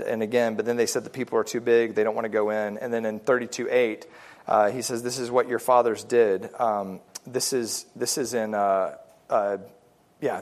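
A man leading a casual Bible study, explaining in a conversational way with frequent fillers and restarts, and reading scripture passages aloud. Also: medium pitch.

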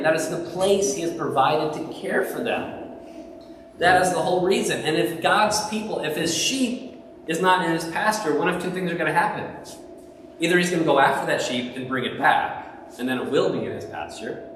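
A man's voice: sits high, a bit bright, slight background noise. A man preaching a sermon as pastor, speaking conversationally and asking the congregation questions. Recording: echoey hall, voice from far off.

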